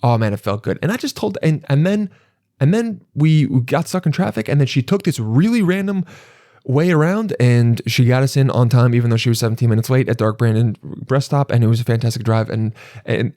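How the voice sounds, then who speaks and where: A young man hosting a podcast, telling a comic story in a rambling, exasperated way and jumping into animated voices. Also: medium pitch, dry recording, studio quality. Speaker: podcast host. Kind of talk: comedic storytelling monologue.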